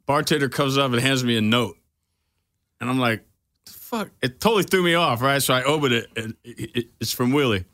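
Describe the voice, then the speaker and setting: A man's voice: medium pitch, brisk, sharp tone, dry recording, clean studio sound. A male comedian hosting a casual podcast chat, joking and self-deprecating about his bad sets.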